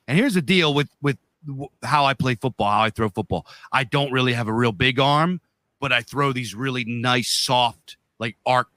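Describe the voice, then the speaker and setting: A man's voice: medium pitch, moderate pace, sharp tone, no echo. A man co-hosting a podcast, telling a long story in a loose, profane, rambling way. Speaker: podcast co-host.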